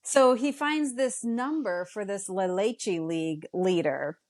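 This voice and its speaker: A middle-aged woman, a guest mother, telling family stories in casual chat with lively, emotional retellings. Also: takes it slowly. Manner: animated, emotional retelling with dramatic pitch jumps. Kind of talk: casual storytelling.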